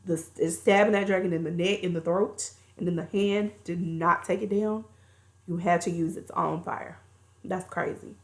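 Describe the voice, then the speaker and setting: A woman's voice: lowish voice, fairly even intonation, moderate pace. A woman reviewing a movie, recapping the plot in a chatty, colloquial storytelling way.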